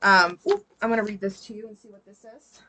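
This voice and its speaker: A woman's voice: mid-range voice, fairly even intonation, fairly quick, bright, forceful tone. A woman giving a casual live tarot reading, chatty and laughing often, swearing freely. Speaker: tarot reader.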